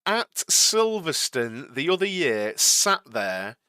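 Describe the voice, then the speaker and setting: A man's voice: fairly high pitch, very animated, slow, sharp tone, smooth, no room sound, studio quality. A young man hosting a live watch-along stream, chatting casually with viewers. He rambles and repeats himself, and he laughs easily.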